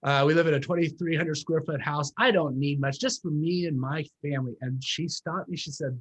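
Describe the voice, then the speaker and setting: A man in his fifties, a former pastor, earnestly telling his story as a guest in an interview, slowing down to stress key points. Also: on the high side, fairly even intonation, husky, rough recording. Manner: earnest, reflective storytelling, emphatic slow emphasis. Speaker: guest, former pastor turned real estate business owner. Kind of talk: interview conversation.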